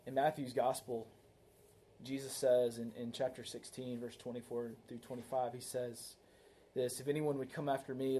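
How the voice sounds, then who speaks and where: A pastor with a warm, medium-pitched voice preaches a sermon conversationally, with a little hiss or hum in the background. He often ends his points with "right?" and tells a story to make them.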